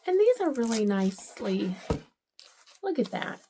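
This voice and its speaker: A woman's voice: on the high side, very animated, measured pace, mellow, slight background noise. A middle-aged woman vlogger unboxing gifts, gushing and teary with emotion. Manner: gushing, emotional, tearful at times. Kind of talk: casual unboxing vlog.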